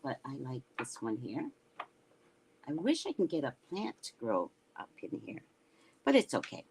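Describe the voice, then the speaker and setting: Low, lively female livestream host; rambling casual chat, reads comments aloud. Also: normal speed, slight background noise, low-quality recording. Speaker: psychic reader and livestream host.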